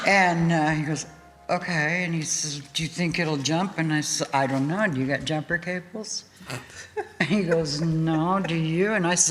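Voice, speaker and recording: A woman guest in an interview, telling a story in a lively way, laughing often and acting out what people said. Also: on the low side, normal speed, slight background noise. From United States. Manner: animated, laughing storyteller who acts out quotes. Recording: hall reverb with faint music.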